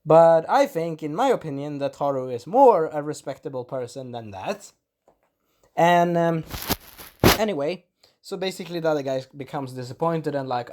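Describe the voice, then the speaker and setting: A man's voice: on the high side, lively intonation, normal speed, a little mellow. A man casually recapping an anime episode as a reviewer, rambling loosely and acting out bits of dialogue. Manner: rambling, loose storytelling, acts out the quotes.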